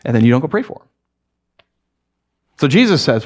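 Guy preaching, chatty and jokey, mid-pitch voice, slips into little character voices. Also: very animated, fairly quick, pauses often. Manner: conversational, joking, acts out voices of characters. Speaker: pastor. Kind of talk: sermon.

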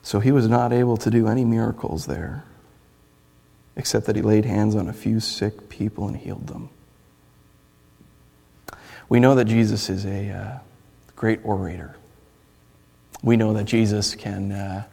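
A man preaching a sermon as pastor, swinging between loud impassioned stretches and quiet hushed ones, with stammered restarts. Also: on the low side, little pitch movement, measured pace, gravelly, long pauses, husky. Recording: long reverb of a large hall.

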